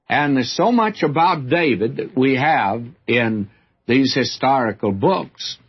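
A man's voice: mid-range voice, slightly rough, dull audio. A man teaching through a book of the Bible in a folksy, earnest sermon, speaking directly to his listeners.

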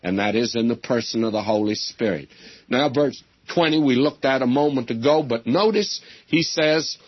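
Older male radio preacher, folksy and earnest, husky voice, dull old recording. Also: mid-range voice, expressive, normal speed. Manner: folksy, earnest preaching, addresses listeners as friends. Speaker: radio Bible teacher. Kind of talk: sermon.

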